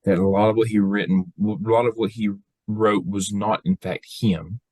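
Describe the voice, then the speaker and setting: A man's voice: fairly low pitch, steady tone, normal speed, a little mellow, no room sound. A man co-hosting a casual podcast chat, defensive as he lays out his theories at length. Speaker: podcast co-host.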